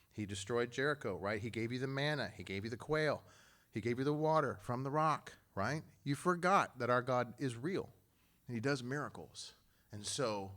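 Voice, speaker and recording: Animated man preaching a lively sermon. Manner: animated storytelling, acting out quotes with jumps in pitch and volume; conversational, joking asides to the congregation. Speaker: pastor.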